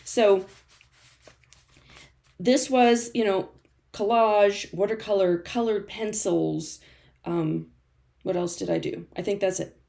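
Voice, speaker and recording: A woman's voice: medium pitch, fairly even intonation, slow pace, gravelly, pauses often, warm tone. A woman running a live-stream art journaling class from a studio, chatty and encouraging, laughing often and answering viewer comments as she works. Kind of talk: live-stream crafting demo.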